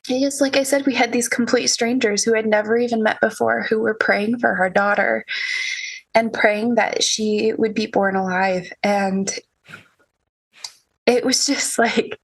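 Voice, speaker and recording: A young woman speaks slowly about a painful personal time, with a gravelly fry that runs under her words. She stops and starts again often and breaks into soft, nervous laughs. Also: fairly high pitch, steady tone. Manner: halting, many restarts and soft laughs. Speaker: podcast guest. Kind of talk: emotional personal storytelling.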